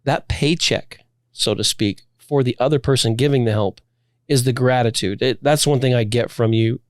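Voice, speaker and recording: A man's voice: medium pitch, moderate pace, no room sound, clean studio sound. Reflective male podcast co-host. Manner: reflective, thinks aloud. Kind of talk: casual interview chat.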